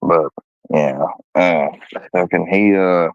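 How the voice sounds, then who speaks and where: A man's voice: sits low, slow pace, no room sound. Profane, heated man telling a story. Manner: profane, heated, quotes others in a raised voice. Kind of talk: casual storytelling. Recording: dull, dry lo-fi sound.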